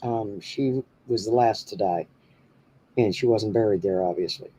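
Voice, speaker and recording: A man's voice: on the low side, a little slow, dark tone, a little hiss or hum. A man hosting a paranormal podcast, telling a story in a rambling, casual way with many fillers. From New Hampshire. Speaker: podcast host.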